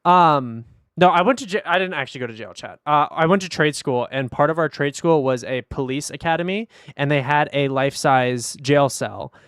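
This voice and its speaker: Young dude streamer ranting to chat, kinda high voice, swears a lot, dead dry mic. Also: male voice, normal speed, fairly bright tone, clean tone, dry recording. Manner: blunt, profane, talks straight to chat. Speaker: streamer reacting to videos. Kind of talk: casual livestream commentary.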